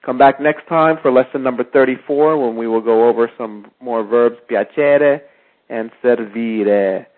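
A man teaching a vocabulary lesson, saying each word slowly and clearly and repeating it. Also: mid-range voice. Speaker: language teacher. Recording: tinny phone-like sound.

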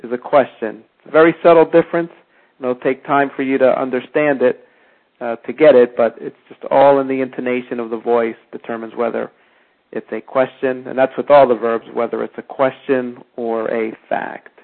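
A man teaching a spoken language lesson, repeating each example phrase slowly and now and then correcting himself. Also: mid-range voice, steady tone, vocal fry. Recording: tinny phone-like audio.

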